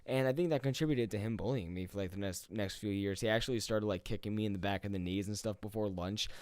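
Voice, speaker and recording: A man's voice: on the low side, fast, a little mellow, clean tone, no room sound, studio quality. A man in his twenties telling a story to his viewers in a casual, profane, laid-back way. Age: 20s. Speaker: gaming YouTuber.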